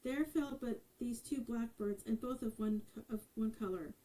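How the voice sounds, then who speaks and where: A woman's voice: fairly high pitch, normal speed, mellow, distant mic, close to an everyday voice, rough recording. Woman reading as a weary young prince. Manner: tired, resigned replies.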